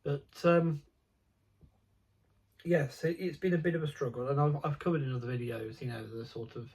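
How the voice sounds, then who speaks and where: A man's voice: on the high side, steady tone, moderate pace, a little mellow, husky, rough recording. A young man chatting casually about his model railway hobby, rambling and digressive with many ums and restarts.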